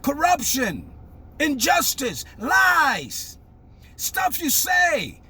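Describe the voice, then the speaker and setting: An older man, giving a fiery, emphatic monologue that breaks into shouting. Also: very high-pitched, huge pitch swings, drawn-out words. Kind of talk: impassioned monologue.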